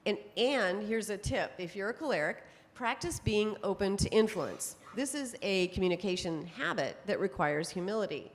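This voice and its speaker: A middle-aged woman giving a conference talk to an audience, telling stories in a lively way and laughing often. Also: medium pitch, moderate pace, hardly any pauses. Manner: lively storytelling with frequent laughs. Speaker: speaker on temperament psychology. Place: conference hall. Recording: long hall reverb.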